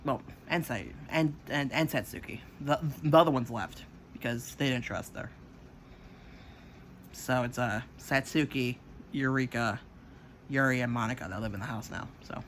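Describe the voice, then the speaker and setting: A man's voice: mid-range voice, moderate pace, a bit bright. A man rambling through a personal story in an everyday mid-range voice, piling on fillers and swears. He acts out the lines of others as he goes. A faint background noise sits under his voice. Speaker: channel host. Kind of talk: casual storytelling.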